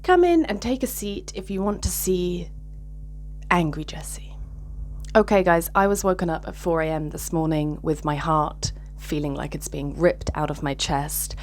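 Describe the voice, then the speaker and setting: A woman's voice: lowish voice, normal speed, hardly any pauses, darkish tone, a little hiss or hum. A candid woman talks straight to camera in a loose, reflective vlog monologue. She speaks openly and emotionally about her feelings and swears freely as she thinks aloud. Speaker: vlogger.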